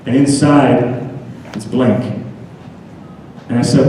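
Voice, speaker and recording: A man's voice: mid-range voice, little pitch movement, measured pace, long pauses, dark tone, slight background noise. An American man giving an earnest, storytelling motivational speech at a school assembly in a school hall. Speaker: motivational speaker. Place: school gym or hall, indoors. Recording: echoey school gym from far off.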